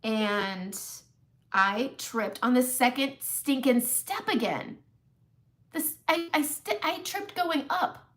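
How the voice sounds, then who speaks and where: A woman's voice: high-pitched, expressive, slow, fairly bright tone. A woman in her forties telling a long funny story on a makeup live stream, often laughing at herself. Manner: chatty, laughing, self-mocking storyteller. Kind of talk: casual storytelling chat.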